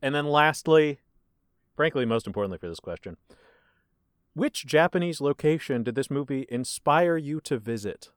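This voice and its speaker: A man hosting a casual podcast chat and asking the questions, with blunt, dark deadpan humor. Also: a little high, moderate pace, clean tone, no echo, clean studio sound. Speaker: podcast host.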